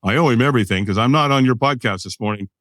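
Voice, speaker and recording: A man in his sixties from the United States, appearing as a podcast guest, tells a personal story with vivid energy, acting out the voices of the people involved. His voice is medium-pitched and fairly bright, he talks quickly, and the recording is dry.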